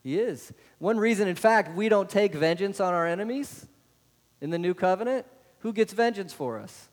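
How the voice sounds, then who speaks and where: A pastor with a high, animated voice preaches a sermon at normal speed in a church sanctuary, where a long hall reverb trails his words. He keeps firing rhetorical questions at the congregation, often adding "right?"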